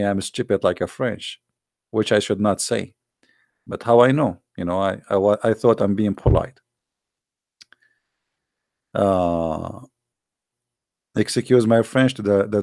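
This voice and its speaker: Non-native male commentator, low gravelly voice, argumentative and repetitive, dry close recording. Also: darkish tone, no echo. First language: not English. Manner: argumentative, repeats himself, halting non-native English. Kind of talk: casual heated monologue.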